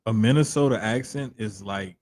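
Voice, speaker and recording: A man co-hosting a podcast in casual chat, talking in an animated, emphatic way and keeping his accent in check the way broadcasters do. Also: fairly low pitch, a little hiss or hum. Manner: animated, drawn-out emphatic storytelling. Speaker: podcast co-host.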